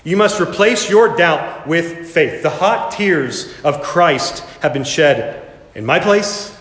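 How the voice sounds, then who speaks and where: A man's voice: fairly high pitch, expressive, takes it slowly, a bit bright. A man preaching a sermon, telling a story with dramatic rises and voicing the characters in it. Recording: echoey hall, reverberant room.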